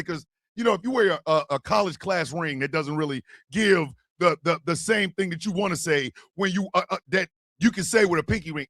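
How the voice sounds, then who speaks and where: Hosting a comedy podcast, a man rants in a profane, mocking way, breaking into bursts of laughter close on the mic. His voice is high and a bit bright, brisk with hardly any pauses, and there's no room sound.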